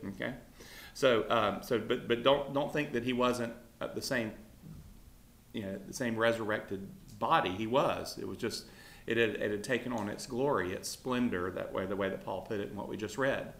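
A man's voice: fairly low pitch, normal speed, a bit bright. A man teaching an informal Bible class, talking conversationally with many fillers and putting questions to his students. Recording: roomy echo.

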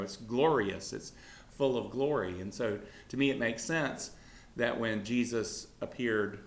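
A man's voice: lowish voice, fairly bright tone. A man teaching an informal Bible class, talking conversationally with many fillers and putting questions to his students. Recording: roomy echo.

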